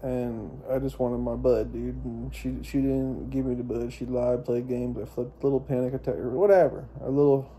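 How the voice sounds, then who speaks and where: Talking at a moderate pace with hardly any pauses, a young man vlogs a personal story in a very dark, mellow voice of middling male pitch. His tone stays steady as he wanders, swears freely and keeps restarting amid fillers.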